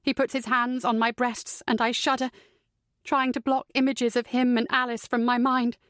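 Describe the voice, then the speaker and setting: A woman's voice: on the high side, little pitch movement, moderate pace, fairly bright tone, no room sound, studio quality. A woman narrating a first-person psychological thriller audiobook in a tense, dramatic way.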